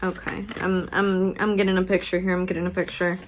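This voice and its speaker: A woman's voice: lowish voice, little pitch movement, brisk, noisy background. A woman giving a tarot reading, talking frankly and intimately to the viewer, with casual swearing. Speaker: tarot reader.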